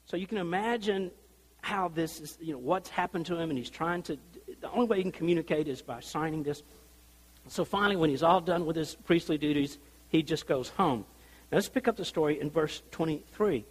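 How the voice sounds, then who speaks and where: A male pastor preaching a sermon, telling the story in an animated way and acting out the people in it. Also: a little high, slightly rough, long reverb tail.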